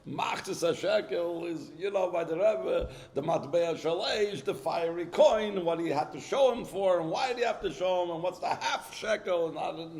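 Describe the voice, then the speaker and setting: In a large hall, a Torah teacher with a fairly high, somewhat mellow voice lectures on a Hasidic text. He reads Hebrew source lines, explains them in English, and poses rhetorical questions, restarting often.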